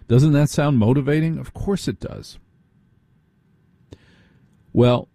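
Man, late-night radio host, dark mellow voice, slightly husky, dry close studio sound, repeats himself for emphasis. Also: mid-range voice, no echo. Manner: conversational, repeats phrases for emphasis, asks listeners rhetorical questions. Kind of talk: radio monologue.

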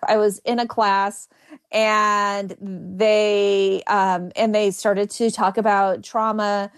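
A woman's voice: medium pitch, level tone, slow, smooth. A woman comedian who stutters, talking frankly and with self-mocking humor as a guest in an interview. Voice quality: stutters, with repeated sounds and blocks. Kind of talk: candid interview chat.

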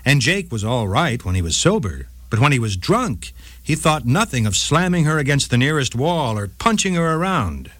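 Lively man narrating a legal story. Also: no room sound. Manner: dramatic storytelling with lively pitch. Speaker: radio legal segment host. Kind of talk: scripted narration.

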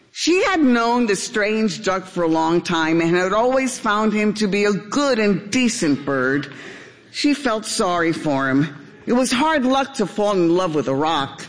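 An older woman reading a children's story aloud in an expressive storybook style. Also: mid-range voice, in a large hall.

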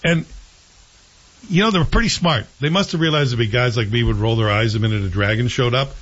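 A man's voice: medium pitch, fairly quick, a bit bright. A man hosting a casual chat show, rambling through his opinions on a TV series and often correcting himself. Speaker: host reviewing TV series. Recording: dull lo-fi sound.

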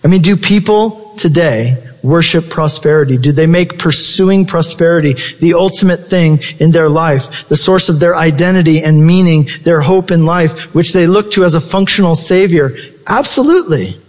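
A man's voice: moderate pace, in a large hall. A man preaching a sermon with passion, his voice leaping up for emphasis. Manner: impassioned preaching with sudden high-pitched emphasis. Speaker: pastor.

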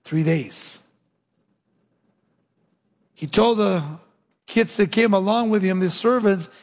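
Preaching in a big hall whose long echo trails after him, this male pastor has a high, husky voice. He drives his points hard, then sinks his delivery low and slow for weight.

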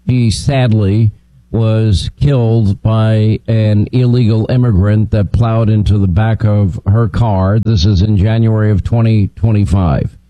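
Brisk, emphatic male radio host. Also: lowish voice, warm tone, no room sound, low-quality recording. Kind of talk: talk radio hosting.

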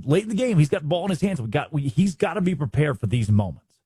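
Animated, husky-voiced man ranting about sports. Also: fairly high pitch, quick pace, dry recording. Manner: animated, mocking impressions of others. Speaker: sports talk show host. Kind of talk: opinionated sports commentary.

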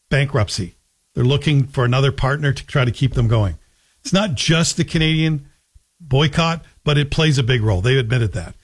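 Sardonic radio host, slightly high voice. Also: male voice. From Scotland. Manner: sardonic, joking, slips into a Scottish voice for anecdotes. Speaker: radio talk show host. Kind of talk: opinionated radio monologue.

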